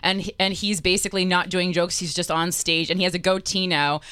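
Dry-sounding chatty woman, lower voice. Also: level tone, a little fast, sharp tone, smooth, dry recording. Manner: chatty, enthusiastic storyteller. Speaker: podcast guest. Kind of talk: casual chat.

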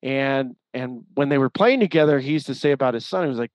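A man co-hosting a sports podcast, telling animated stories and acting out the quoted exchanges. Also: medium pitch, quick pace, hardly any pauses, dry recording. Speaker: podcast co-host. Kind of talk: casual sports chat. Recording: dry, slightly muffled audio.

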